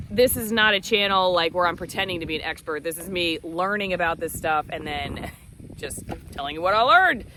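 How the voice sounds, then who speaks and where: A woman vlogging from her goat pasture on a handheld camera, chatty and self-mocking, cooing softly to her goats now and then. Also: medium pitch, slight background noise. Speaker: vlogger, hobby farmer. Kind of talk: casual self-filmed vlog.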